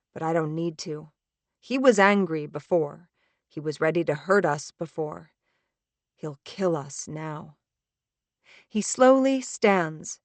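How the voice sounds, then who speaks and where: A woman narrating a suspenseful first-person audiobook in a tense, measured reading. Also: fairly low pitch, no room sound.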